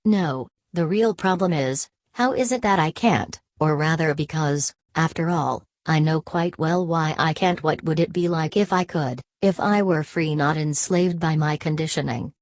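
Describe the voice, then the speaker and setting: A woman's voice: deep voice, measured pace, hardly any pauses, no room sound, studio quality. A woman reading the lines of a brooding, discontented young man in an earnest, searching way in a storybook recording. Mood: musing.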